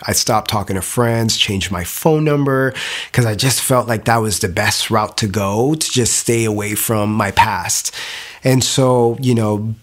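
Young guy telling his faith story, kinda low voice, loose casual storytelling, acts out what people said. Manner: animated storytelling with many "like" fillers, acting out quotes. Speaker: guest sharing testimony. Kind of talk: personal testimony, casual storytelling.

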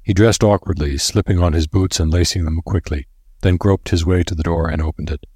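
A man narrating a story in a steady, measured reading voice. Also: deep voice, slightly rough, no room sound, studio quality. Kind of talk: audiobook narration.

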